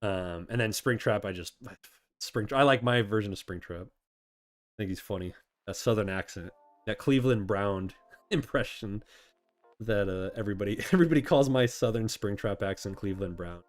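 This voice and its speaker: A man's voice: on the low side, moderate pace, soft background music. A man hosting a casual chat, answering viewer questions in a rambling, self-correcting way and laughing often.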